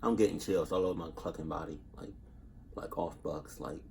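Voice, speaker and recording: A man's voice: low voice, fairly even intonation, a little fast, creaky, a little mellow, slight background noise. A man hosting a reaction video, rambling casually, swearing, laughing and interrupting himself.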